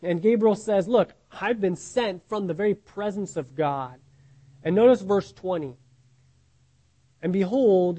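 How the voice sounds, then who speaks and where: An earnest male preacher teaching from scripture, his voice sitting high. He asks the listeners question after question, often restarting words and tagging lines with "right?". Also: mellow, low-quality recording. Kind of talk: sermon, Bible teaching.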